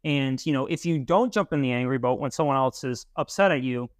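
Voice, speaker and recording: A man's voice: medium pitch, fairly quick, no echo, clean studio sound. A young man co-hosting a podcast, explaining ideas emphatically in casual chat, with casual swearing. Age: young adult. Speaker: podcast co-host.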